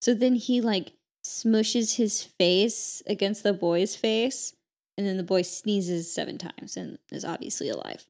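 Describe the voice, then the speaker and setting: A woman co-hosting a podcast, casually retelling a story with lots of "like" and quick character voices. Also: medium pitch, gravelly, darkish tone. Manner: chatty, peppered with "like", voices characters in quotes. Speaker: podcast co-host.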